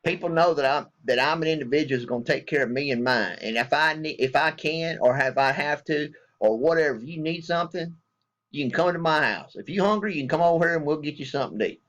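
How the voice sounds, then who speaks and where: A man's voice: fairly high pitch, fast talker, a bit bright. A man from the States, a military veteran ranting bluntly and angrily with heavy profanity in a vlog. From Southern United States. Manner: blunt, angry and heavily profane.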